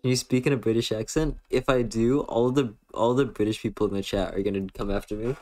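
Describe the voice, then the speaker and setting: A man's voice: mid-range voice, fairly even intonation, quick pace, a little mellow, faint music behind. A young man with an American accent, chatting casually on a stream and answering chat in a rambling, playful way, full of fillers. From western United States.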